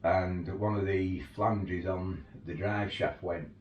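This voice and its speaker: This overland tour guide speaks slowly in a low-pitched, steady tone, laughing as he shares casual anecdotes. The highs are cut off, and the sound is roomy, with the mic distant and faint ambience behind him.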